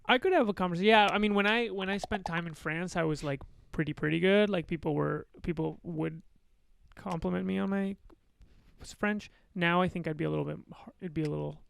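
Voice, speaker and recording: A man's voice: high-pitched, a little fast, gravelly, clean tone, no echo. A man in his twenties from Argentina, a podcast guest chatting casually and loosely, with lots of fillers. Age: 20s. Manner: relaxed, filler-heavy storytelling. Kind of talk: casual chat.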